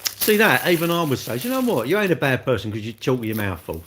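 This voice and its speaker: A man chats in a loose, cheeky ramble on a home livestream. He talks with his mouth full and answers viewers as he goes. His pitch sits in an ordinary middle range. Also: big pitch swings, quick pace, background noise. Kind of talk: casual livestream chat while eating.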